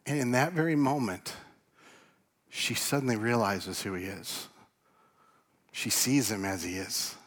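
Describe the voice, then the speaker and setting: A man preaching a sermon, animated, swinging from loud emphasis to hushed tones. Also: mid-range voice, measured pace, pauses often. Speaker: pastor. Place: church.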